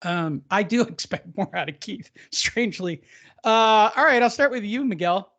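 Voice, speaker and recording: Speaking at a moderate pace in a mid-range, slightly bright voice, this boxing podcast host jokes his way through news and quotes. He reads them with mock emphasis, poking fun at the wording, and the audio is slightly dull.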